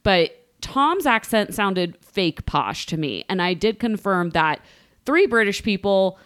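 A woman's voice: medium pitch, big pitch swings, unhurried, a bit bright. A woman from Columbus, Ohio, co-hosting a podcast, chatting casually and gossipily about reality TV and laughing often. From Columbus, Ohio, USA. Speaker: podcast co-host. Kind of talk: casual reality-TV recap chat.

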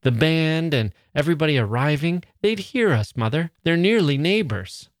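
A man's voice: on the high side, expressive, moderate pace, no echo, clean studio sound, pitched above the performer's own voice, natural voice. A man reading aloud, voicing an anxious, tender-hearted young woman who pleads earnestly. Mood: pleading.

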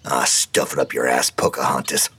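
A man voicing a crude, loudmouthed older ex-Marine grandfather who mocks and insults everyone. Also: a bass voice, completely flat delivery, moderate pace, creaky, husky, no room sound, voice pushed down, exaggerated voice. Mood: brash mocking. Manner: brash, mocking, insulting.

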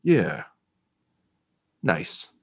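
Man putting on a gruff, brash woman war hero. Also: low voice, huge pitch swings, drawn-out words, pitched below the performer's own voice, heavily acted.

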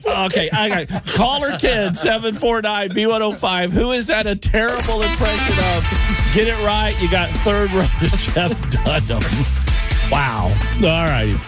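A man's voice: sits high, lively intonation, over loud music. A man hosting a morning radio show, bantering casually and poking fun at himself. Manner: jokey, self-mocking, quick patter. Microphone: studio microphone.

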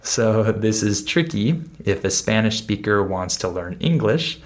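A man teaching English pronunciation on a podcast, speaking deliberately and repeating example words and sentences. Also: on the low side, animated. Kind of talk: podcast lesson.

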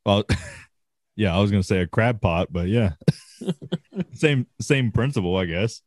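Laid-back profane man, low voice. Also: animated, measured pace, no echo, clean studio sound. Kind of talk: casual chat.

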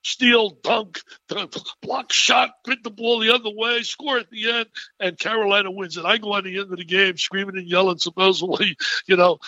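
Man in his eighties, animated storyteller, bright forceful voice, muffled lo-fi sound. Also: high-pitched, brisk, no echo. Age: 80s. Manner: excitable, animated storyteller with frequent laughs. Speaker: guest. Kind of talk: enthusiastic storytelling interview.

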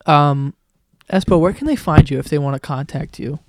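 A man hosting a casual drinking chat, telling animated stories with lots of swearing and laughter. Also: a little high, moderate pace, very noisy. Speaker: podcast host.

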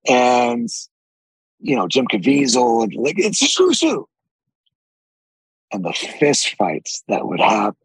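A man with a deep, raspy voice, telling animated stories with frequent swearing as a podcast guest. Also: slow, long pauses, no room sound, poor audio. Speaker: actor guest. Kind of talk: casual podcast interview.

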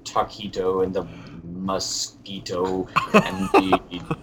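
A man's voice: sits low, big pitch swings, slow pace, vocal fry, background noise, full character voice. A man playing a fussy, pompous British lord on a comedy podcast, speaking in a put-on British accent, rambling and hesitant while he has the hiccups. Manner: rambling, hesitant, genteel phrasing. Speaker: podcast co-host. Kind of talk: comedic podcast character chat.

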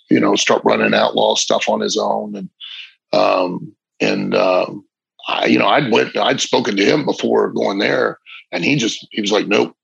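A middle-aged former wrestler rambles through vivid stories in a casual interview, often restarting his sentences. His voice is lowish, gravelly and husky yet fairly bright in tone. The recording is dull and lo-fi, with no echo.

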